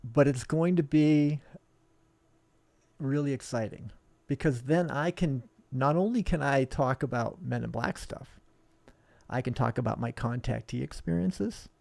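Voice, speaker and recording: Gravelly shop owner guy ranting on a live stream, blunt, dry close sound. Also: mid-range voice, normal speed, dry recording. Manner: blunt, combative, rambling. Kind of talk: live-streamed casual talk.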